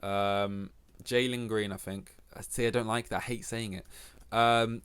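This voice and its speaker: A man's voice: mid-range voice, normal speed, a bit bright, smooth. Rambling young Englishman ranting on a podcast. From England. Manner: rambling, profane, self-mocking, with many restarts. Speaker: podcast host. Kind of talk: casual solo podcast rant.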